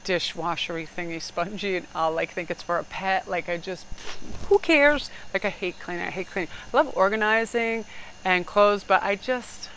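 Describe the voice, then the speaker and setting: A woman's voice: medium pitch, normal speed, a bit bright, a little hiss or hum, poor audio. A woman giving a casual tarot reading, rambling and blunt, swearing freely and laughing often. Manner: laughs often, slips into mock voices. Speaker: tarot card reader.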